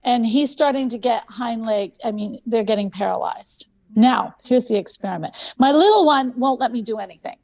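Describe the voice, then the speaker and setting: Animated gravelly-voiced woman hosting a talk. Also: fairly high pitch, normal speed, hardly any pauses. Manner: animated storytelling, repeats phrases for emphasis. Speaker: conference host. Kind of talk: conference talk.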